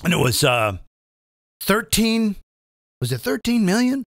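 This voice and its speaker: A man with a high, bright voice that leaps all over the place, ranting live in a loose, profane comic style. He rambles and digresses constantly. The sound is dry and close. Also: sing-song, unhurried, no echo. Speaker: comedian and show host. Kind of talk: live comedic rant.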